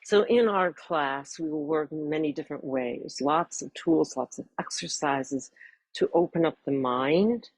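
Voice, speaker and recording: A woman in her sixties, a voice teacher, earnestly introducing her course at a measured pace with warm emphasis. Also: deep voice, no echo, rough recording.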